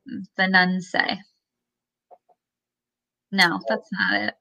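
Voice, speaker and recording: A woman's voice: fairly low pitch, steady tone, bright, forceful tone, dull audio. A woman co-hosting a podcast in casual chat, joking and laughing as she riffs. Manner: jokey, puts on quick silly voices, laughs often. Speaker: podcast co-host.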